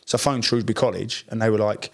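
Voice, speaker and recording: A man's voice: fairly low pitch, quick pace, gravelly. Man telling a story. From Essex, England. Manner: acts out quoted dialogue in lively voices. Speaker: podcast co-host, former pro footballer. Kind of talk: casual storytelling chat.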